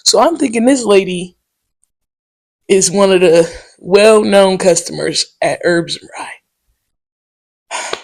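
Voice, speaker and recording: A woman hosts her own podcast in a relaxed solo monologue. She tells stories in a loose, slangy and profane way. Her delivery is animated, with quick asides and filler words such as "um" and "okay?". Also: mid-range voice. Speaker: podcast host. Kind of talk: casual solo podcast storytelling.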